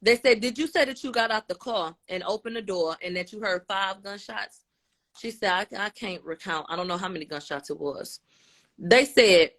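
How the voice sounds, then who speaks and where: Woman, mid pitch, casual commentator, quotes others with changes in tone and loudness. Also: normal speed. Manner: conversational, retelling quotes with shifts in tone and loudness. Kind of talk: casual recap.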